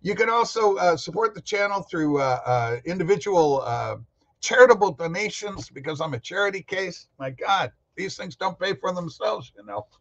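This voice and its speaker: A man's voice: high-pitched, animated, normal speed, gravelly, fairly bright tone, muffled recording. A man hosting a casual record-collecting livestream, rambling and joking as he answers the chat. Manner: rambling, jokey, talks back to chat commenters. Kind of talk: casual live-chat talk.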